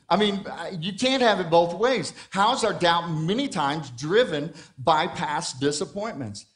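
A pastor with a slightly high male voice preaches in a relaxed, talky style. He keeps questioning his listeners, and he restarts his phrases and doubles words as he goes. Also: moderate pace, few pauses. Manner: conversational preaching, asking the congregation questions; frequent restarts and repeated words. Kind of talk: sermon.

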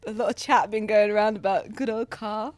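A woman's voice: medium pitch, fairly even intonation, brisk, a little mellow, dry recording, faint music behind. A woman co-hosting a podcast, chatting wryly, often cutting in and laughing. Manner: wry, interjecting, laughs often. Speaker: podcast co-host. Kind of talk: casual chat.

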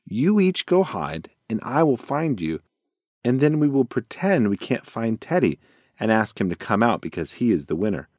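A man's voice: mid-range voice, big pitch swings, moderate pace, a little mellow, dry recording, studio quality. A man voicing a curious, clever young female mouse in a bedtime story, in a lifted, eager voice.

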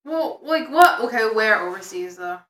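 A young adult woman co-hosting a casual family podcast chat, with quick, playful and teasing replies. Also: fairly high pitch, animated, a bit bright, echoey room. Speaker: podcast co-host.

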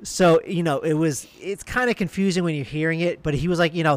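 A man's voice: fairly high pitch, fairly quick, no echo. A man with a voice sitting a little above the usual male range recounts a personal anecdote in easy conversation. He rambles, trips over his own starts and piles on fillers as he works his way through the story. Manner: rambling, full of restarts and fillers. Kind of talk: casual anecdote.

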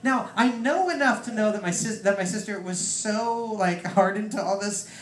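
A man's voice: high voice, moderate pace. A man preaching a personal testimony, rambling with lots of "like" fillers. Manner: rambling storyteller, heavy use of "like". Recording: roomy echo.

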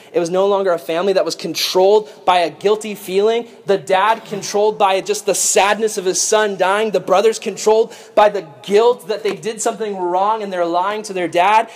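High-voiced animated male preacher. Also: moderate pace, few pauses. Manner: animated, acts out voices, laughs often. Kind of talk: sermon storytelling.

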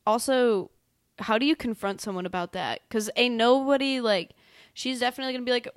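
A woman's voice: a little high, a little fast, clear, resonant tone, no room sound, clean studio sound. A young woman, a podcast guest, reacting in a blunt, slangy way during casual chat.

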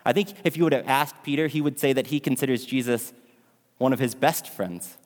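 A man's voice: medium pitch, brisk. Dramatic male preacher in an echoing hall. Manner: dramatic, asks the audience questions. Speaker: pastor. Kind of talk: storytelling sermon. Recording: long hall reverb.

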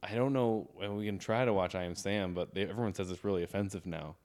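A man's voice: low voice, fast, a little mellow. A young man co-hosting a podcast in casual chat, rambling with lots of restarts and laughs. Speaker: podcast co-host.

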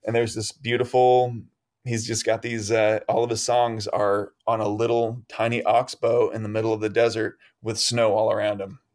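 A man's voice: lowish voice, little pitch movement, normal speed, a little mellow. A man telling a long story as an interview guest, rambling with many fillers and laughing often.

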